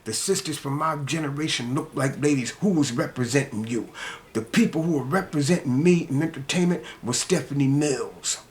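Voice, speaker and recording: An older man delivering an angry, scolding monologue rant, repeating himself and dropping to low mutters between heated outbursts. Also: moderate pace. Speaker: commentator ranting to camera.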